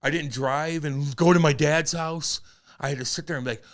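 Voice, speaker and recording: Guy in his 40s swearing a lot, rambling podcast chat, gets loud. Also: fairly high pitch, fairly quick. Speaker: podcast co-host. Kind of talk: candid casual chat.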